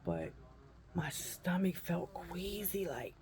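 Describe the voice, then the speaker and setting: A woman in her fifties telling a personal story in a folksy, animated way and calling listeners honey and baby. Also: on the low side, takes it slowly, crowd noise. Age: 50s. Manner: animated, acts out her own cries and shrieks. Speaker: vlogger.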